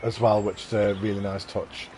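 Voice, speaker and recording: A man's voice: lowish voice, flat delivery, normal speed, mellow, slight background noise. A man hosting a casual live stream, touring and praising contest park builds with eager, effusive commentary. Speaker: livestream host touring contest parks.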